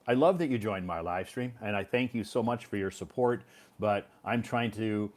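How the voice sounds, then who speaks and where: An American man hosts a casual live stream from his home in Beijing, rambling with many fillers. His voice is on the low side and a little mellow, with a moderate pace.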